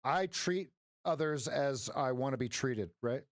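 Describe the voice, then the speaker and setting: A man's voice: mid-range voice, expressive, a little slow, no room sound, studio quality. A man hosting a live trading stream, chatting casually and joking with viewers, laughing often.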